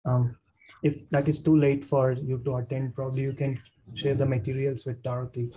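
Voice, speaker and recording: A man's voice: medium pitch, flat delivery, moderate pace, a crowd in the background, rough recording. A man giving a helpful suggestion in a video-call meeting, speaking hesitantly. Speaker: meeting participant. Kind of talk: casual meeting talk.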